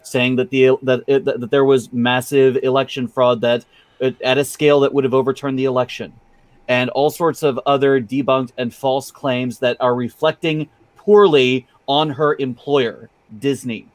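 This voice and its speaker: A man with a mid-range voice explains things in a calm, measured way on a casual podcast panel. The sound is dry and close, with no room echo. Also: medium pitch. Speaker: podcast co-host.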